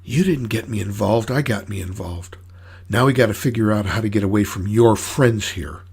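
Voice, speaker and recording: A man voicing a feisty young female circus clown with a sharp, defiant manner. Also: lowish voice, moderate pace, breathy edge.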